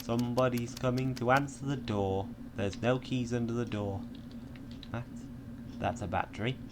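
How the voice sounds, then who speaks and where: A man's voice: medium pitch, normal speed, background noise. A young man giving playful gameplay commentary, mock-menacing and swearing often. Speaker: gaming YouTuber.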